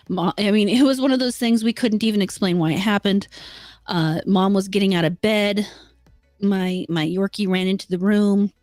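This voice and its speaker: A woman's voice: mid-range voice, moderate pace, a little mellow, dry recording, clean studio sound, soft background music. A woman co-hosting a casual talk show, telling a personal story candidly and getting emotional at times. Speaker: co-host. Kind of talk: casual chat.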